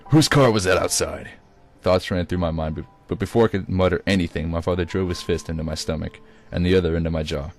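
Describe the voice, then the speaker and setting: A man with a very low, deep voice reads his own first-person story aloud. The delivery is amateur, with occasional stumbles and restarts. Faint music plays behind him. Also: level tone, fast, few pauses, a little mellow. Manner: occasional stumbles and self-corrections. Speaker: reader.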